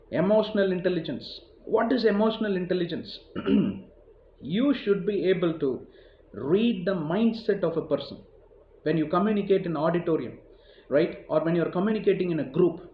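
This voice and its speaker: A man's voice: on the high side, slight background noise. Rambling Indian man giving a motivational talk. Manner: rambling, conversational, heavy use of "you know" and repetition. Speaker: motivational speaker. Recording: roomy, dull lo-fi recording.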